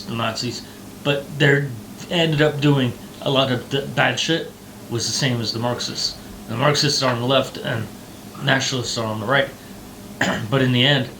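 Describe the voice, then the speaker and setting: Against a noisy background, this mid-range-voiced podcast co-host launches into heated, profane rants on a casual talk show, mocking people with put-on voices and cursing frequently.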